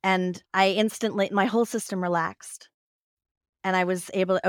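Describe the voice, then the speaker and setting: A woman talking as an interview guest, a physician and author, telling stories with lively laughter. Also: mid-range voice, moderate pace, smooth, dry recording, studio quality. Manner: lively storyteller who laughs and acts out quoted voices. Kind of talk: casual interview conversation.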